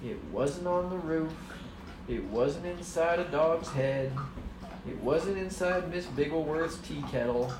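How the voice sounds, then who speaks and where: A woman's voice: low-pitched, unhurried, reverberant, recorded from a distance, noisy background. A mother telling her children an improvised, rambling story in a playful way, laughing as she goes.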